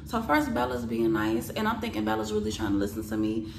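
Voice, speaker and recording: A young woman telling a profane storytime vlog, acting out the quoted lines loudly and with lots of emotion. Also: mid-range voice, a little fast, creaky, reverberant, slight background noise. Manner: animated, profane, acts out quoted lines with rising loudness.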